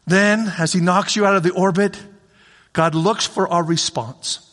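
Preacher, male, high bright voice, animated delivery, big reverberant hall. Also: measured pace. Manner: animated, acts out God's voice, swings from shouting to hushed. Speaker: pastor. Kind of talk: sermon.

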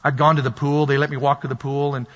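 A man's voice: mid-range voice, little pitch movement, quick pace, a bit bright. A man preaching a sermon with passion, repeating his points and acting out the voices of the people he describes. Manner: impassioned, repetitive preaching, acts out quoted voices. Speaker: pastor. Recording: dull lo-fi sound with long hall reverb.

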